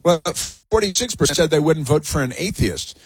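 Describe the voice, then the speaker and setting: Male talk radio host, husky and dry, sarcastic indignant rambling. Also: a little high, animated, normal speed, no room sound. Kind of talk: political talk radio commentary.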